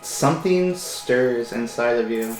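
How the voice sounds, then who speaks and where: A man running a tabletop game as game master, talking in a relaxed, hesitant way with fillers. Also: medium pitch, slow pace. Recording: roomy with faint music.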